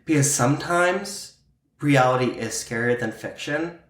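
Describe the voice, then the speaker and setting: A man's voice: medium pitch, animated, measured pace, a bit bright. A man from Pittsburgh co-hosting a podcast in a casual, playful chat full of ums and likes. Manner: playful, fillers like um and like. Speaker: podcast co-host. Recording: echoey room.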